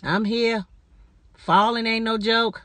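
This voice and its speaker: A woman's voice: fairly high pitch, fairly even intonation, takes it slowly, sharp tone, no room sound. A middle-aged woman in a casual personal vlog, chatty and talking straight to her viewers as y'all. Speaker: vlogger.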